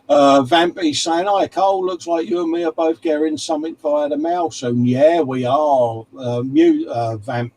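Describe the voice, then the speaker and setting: A man's voice: a little high, unhurried, a little mellow, rough recording. A man co-hosting a casual livestream chat, reading out viewer comments and calling everyone mate. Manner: chatty, calls everyone mate. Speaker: livestream co-host.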